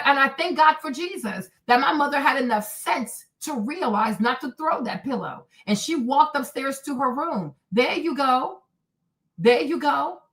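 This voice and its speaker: Animated indignant woman, high voice. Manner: animated, indignant, talks to viewers as y'all. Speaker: livestream host. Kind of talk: casual storytelling rant to viewers.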